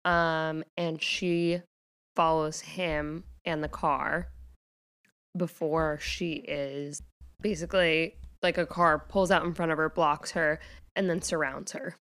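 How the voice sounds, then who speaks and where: A woman's voice: low-pitched, fairly even intonation, slow, a bit bright, smooth. A woman co-hosting a podcast, casually recapping a TV episode and quoting the characters as she goes. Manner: retells scenes with quoted voices, says "like" often. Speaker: podcast co-host.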